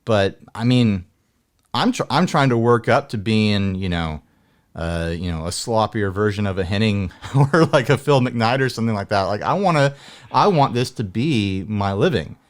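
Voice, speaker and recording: A man's voice: lowish voice, animated, normal speed. An American man chatting casually as a guest, joking and laughing often as he talks. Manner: jokey, laughs often, rambling. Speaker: guest guitar video maker. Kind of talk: casual chat.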